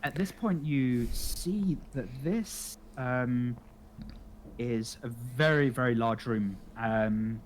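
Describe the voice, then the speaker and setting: A man narrating a tabletop game as game master, halting with many ums and restarts. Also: medium pitch, slight background noise, rough recording.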